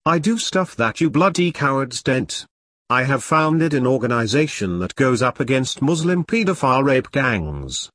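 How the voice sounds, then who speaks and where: In an audiobook, a man with a mid-range, fairly bright voice, recorded dry, reads the part of a fierce one-armed woman, an ex-soldier and activist. He delivers her lines bluntly and defiantly.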